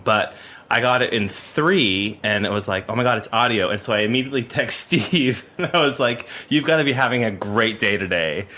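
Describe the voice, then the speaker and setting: A man's voice: medium pitch, brisk, pushed and bright. A man producing a podcast, chatting casually and rambling with lots of fillers and restarts. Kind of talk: casual chat.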